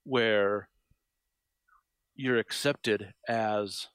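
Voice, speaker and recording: A man's voice: fairly low pitch, steady tone, very slow, a bit bright, clean tone, dry recording. A man in his thirties talking casually on a podcast, rambling and emphatic, with casual swearing. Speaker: podcast guest. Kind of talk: casual discussion.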